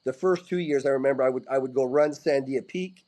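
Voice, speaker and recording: A fast-talking middle-aged man with a medium-pitched voice recounts rowdy stories from his hockey-playing days as a guest in a casual interview. He's animated, with frequent restarts and casual cursing, and the audio quality is poor.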